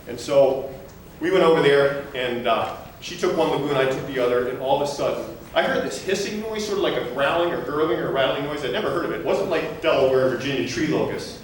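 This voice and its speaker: A man's voice: mid-range voice, fast talker, slight background noise. A middle-aged man giving a humorous memorial eulogy, telling chatty stories and laughing through them in a large hall. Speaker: eulogy speaker. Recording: echoey hall, voice from far off.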